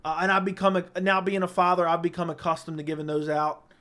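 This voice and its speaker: Young male streamer, higher voice, blunt quick takes, home studio mic. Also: steady tone, a bit bright, smooth. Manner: blunt, opinionated, quick verdicts. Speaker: livestream host reading viewer comments. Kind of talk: casual livestream chat. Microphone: studio microphone.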